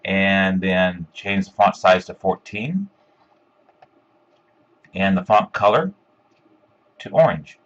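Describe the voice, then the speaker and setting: A man giving a step-by-step screencast software tutorial, talking casually with lots of ums and uhs. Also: low voice, expressive, slow pace, pauses often, highs cut off. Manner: step-by-step, filler-heavy with frequent ums and uhs. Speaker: instructor.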